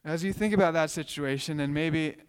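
A man in his thirties, a pastor preaching a sermon with animated storytelling, acting out voices. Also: a little high, fairly quick, smooth. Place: church sanctuary. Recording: long hall reverb.

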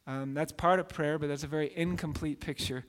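Brisk and steady in tone, the pastor's fairly high voice carries earnest preaching full of repetitions and restarted sentences. He develops his message through a patiently built story, echoing with a large hall's long reverb.

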